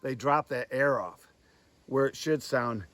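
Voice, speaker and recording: A man giving a hands-on lesson on goose calling, speaking plainly and pausing to demonstrate calls. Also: mid-range voice, fairly bright tone, a little hiss or hum. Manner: plain-spoken, demonstrates calls between explanations. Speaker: goose call instructor.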